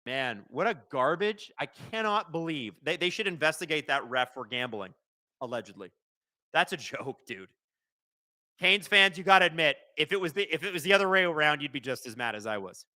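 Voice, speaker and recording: A young man hosting a live watch-along of a hockey game, calling the plays fast and shouting at the referees. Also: fairly high pitch, dry recording, clean studio sound. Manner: excitable, shouts and swears at the referees.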